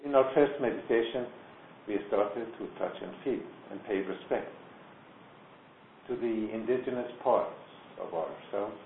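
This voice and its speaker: A man guides a meditation in a slightly low voice, unhurried and deliberate, with long pauses between repeated phrases. The recording is tinny and phone-like, with an echoey room and a faint hiss behind him. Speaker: meditation teacher.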